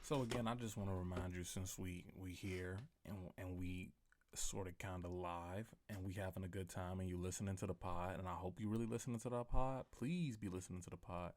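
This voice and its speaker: A man hosting his own podcast in a casual solo rant, profane and rambling, swinging from loud outbursts to mumbled asides. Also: deep voice, steady tone, brisk. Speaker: podcast host.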